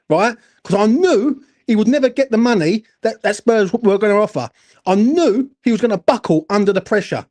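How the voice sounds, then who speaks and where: A high-voiced man delivers a heated, expletive-filled football fan rant. He hammers his points again and again and keeps demanding agreement from his co-host. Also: expressive, fairly quick, darkish tone. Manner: angry, sweary, repeats "do you know what I'm saying".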